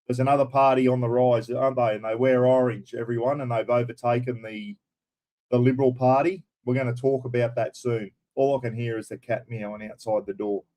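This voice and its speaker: A man's voice: medium pitch, fairly even intonation, a little fast, dark tone. A man with an Australian accent hosting a casual live stream, chatting bluntly with viewers and swearing a little. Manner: blunt and chatty, mild swearing, addresses viewers as everyone and mate.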